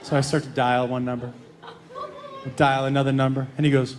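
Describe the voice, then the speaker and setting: A middle-aged man telling a story in stand-up, animated and building tension. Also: medium pitch, fairly quick. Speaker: stand-up comedian. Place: comedy club stage. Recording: echoey club with crowd noise. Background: crowd laughter.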